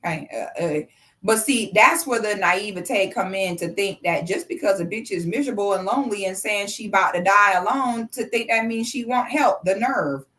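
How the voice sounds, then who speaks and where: A woman's voice: mid-range voice, moderate pace, a bit bright. A woman in her thirties giving blunt, profane, sarcastic commentary on a live stream. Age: 30s.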